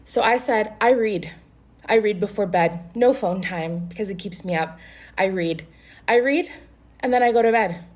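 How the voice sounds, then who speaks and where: A woman telling a bad-date story to her phone camera. She keeps it lively and foul-mouthed, jumping between her own words and the other person's. Her voice sits in an everyday middle pitch. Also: moderate pace. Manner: animated, profane, quoting both sides of a conversation.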